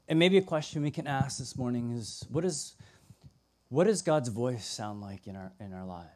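A young man preaching a sermon, telling stories with lively acted-out voices and sudden drops to a hushed tone. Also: medium pitch, normal speed. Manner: animated storytelling, acts out voices, drops to a hush. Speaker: pastor.

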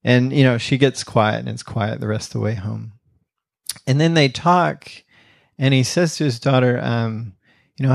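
A man preaching a conversational sermon, telling a story in a relaxed way with many fillers, then leading a closing prayer. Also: mid-range voice, normal speed, gravelly, dry recording, studio quality. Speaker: pastor.

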